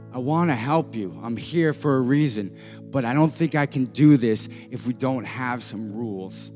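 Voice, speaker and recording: A man's voice: medium pitch, a little mellow. A man, a pastor, telling an illustrative story during a sermon in an earnest way. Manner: earnest, voices the characters in his story lightly. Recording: music and long reverb of a church hall.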